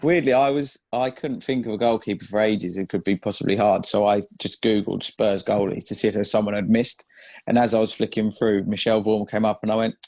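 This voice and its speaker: A man co-hosting a casual football chat, making dry, deadpan jokes. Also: fairly low pitch, a little fast. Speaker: podcast co-host.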